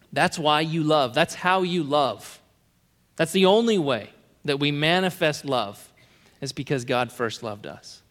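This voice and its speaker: A man preaching a sermon in an earnest way, repeating key phrases and letting his sentences fall to soft endings. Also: a little high, measured pace, in a large hall.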